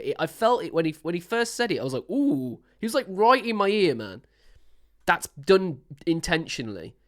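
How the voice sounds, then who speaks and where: A man who is a singer-songwriter, giving casual, enthusiastic commentary while reacting to a song, rambling with many restarts. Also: a little high. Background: song playing faintly.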